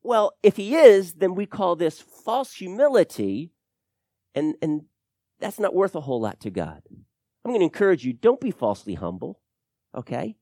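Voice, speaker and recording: A man preaching a sermon as pastor, teaching through scripture and swinging between loud emphatic lines and soft, low drops. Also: big pitch swings, normal speed, no echo, clean studio sound.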